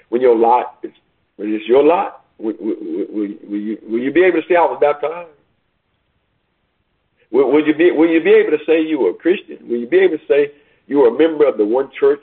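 A man's voice: medium pitch, slightly rough. A man preaching a sermon, repeating himself and building to rising, urgent questions. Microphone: phone call line. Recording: tinny phone line.

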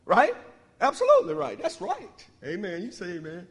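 Preaching at a moderate pace, a high-voiced man with a creaky quality lets his pitch swoop dramatically. His sermon uses emphatic call-and-response, moving between loud pronouncements and soft asides, and it resonates in a church sanctuary with lingering reverb.

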